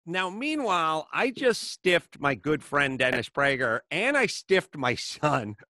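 A man's voice: a little high, unhurried, dry recording, clean studio sound. A middle-aged man hosting a podcast, telling comedic stories and acting out the people in them. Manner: animated, acts out voices in anecdotes. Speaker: podcast host. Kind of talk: casual comedic storytelling.

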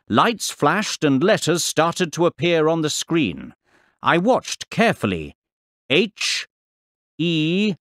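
A slow, lively storytelling professor. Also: male voice, fairly high pitch, dry recording, clean studio sound, full character voice. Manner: slow, clear and very expressive. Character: male professor telling what he saw. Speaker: voice actor on a course audio CD. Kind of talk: scripted storytelling for young learners. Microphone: close studio mic, dry.

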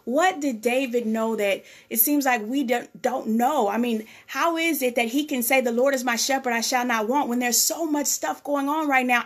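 Woman minister, gravelly voice, slightly high pitch, casual preaching, keeps asking "okay?". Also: normal speed, few pauses, a bit bright. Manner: repeats phrases for emphasis. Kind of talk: short devotional sermon.

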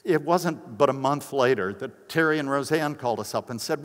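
An older man preaching at a conference in an easy, conversational way, slipping into other voices for the people he quotes. His voice sits at a middle pitch. It rings out with the long reverb of a big hall. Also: expressive, normal speed. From United States. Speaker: pastor. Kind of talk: conference sermon with personal stories.

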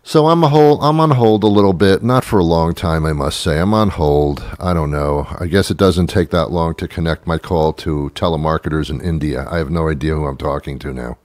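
A man's voice: extremely low pitch, brisk, few pauses, darkish tone, dry recording. A man hosting a comedy show, delivering an exasperated, sarcastic rant in a dry close recording. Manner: exasperated, sarcastic, mimics voices. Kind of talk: comic rant monologue.

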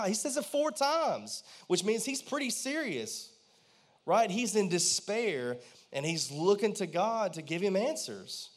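Animated pastor preaching. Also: male voice, high voice, a little slow. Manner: conversational and animated, asks the congregation questions. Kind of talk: sermon. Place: church.

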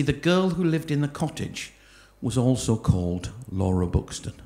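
A man performs stand-up comedy live on a theatre stage. His voice is fairly high and swings up and down as he ribs a volunteer. Faint noise sits under the live recording. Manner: teasing, quick ribbing of a volunteer. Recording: live theatre show with audience laughter.

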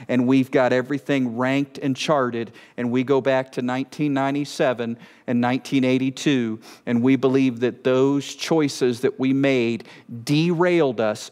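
A man's voice: medium pitch, darkish tone. A man hosting a Bible teaching, talking in a conversational and emphatic way and throwing playful rhetorical questions at his listeners. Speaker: Bible teacher and show host.

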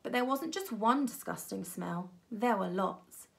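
A woman reading a children's novel aloud at a primary school with expressive storytelling. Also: measured pace, gravelly. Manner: expressive storytelling, voicing children with raised pitch. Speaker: reader.

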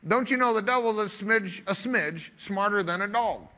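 A male pastor preaches with a high, bright voice that keeps pushing forward. He talks casually and jokes often, then hammers his main points with strong emphasis. The tone stays lively and conversational from start to finish. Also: normal speed. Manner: energetic, jokey, emphatic, conversational. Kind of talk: sermon.

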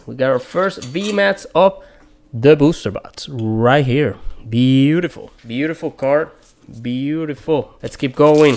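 A man opening trading card packs on camera, rattling off card names in casual, excitable commentary and repeating words. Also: a little high.

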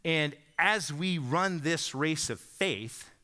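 A male pastor in his forties preaching in a relaxed, storytelling manner, often asking his listeners to agree. His pitch swings widely and his tone is bright and forceful. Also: slow pace. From Bend, Oregon. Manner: conversational storytelling, often asks the congregation "right?". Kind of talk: sermon.

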